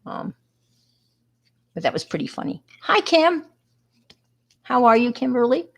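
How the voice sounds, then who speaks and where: A woman's voice: a little high, big pitch swings, measured pace, creaky. A middle-aged woman with a New York accent, chatting casually with viewers on a crafting livestream and greeting them by name.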